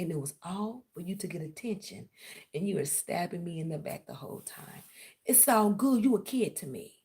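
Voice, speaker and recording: A woman's voice: on the low side, animated, normal speed, darkish tone. Heated woman ranting on her livestream. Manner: confrontational, blunt, swears freely. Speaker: tarot reader and channel host. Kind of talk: heated livestream rant to viewers.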